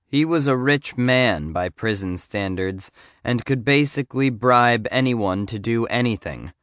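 A man narrating a first-person memoir audiobook in a measured storytelling delivery. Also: medium pitch, a bit bright, dry recording, studio quality.

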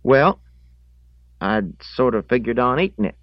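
Man narrator voices a high-pitched, twitchy boy, anxious and overeager, in a dry, slightly dull audiobook recording. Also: expressive, a little slow, no room sound, lightly acted. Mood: nervous. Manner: high, nervous, eager to please. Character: scrawny nervous boy, high-voiced and jittery.

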